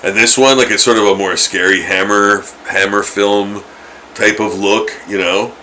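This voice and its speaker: A man's voice: on the low side, fairly even intonation, normal speed, sharp tone, a little hiss or hum, poor audio. A middle-aged man chatting casually while he draws, rambling and chuckling, with lots of fillers and restarts. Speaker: artist streaming his drawing. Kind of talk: casual chat while drawing.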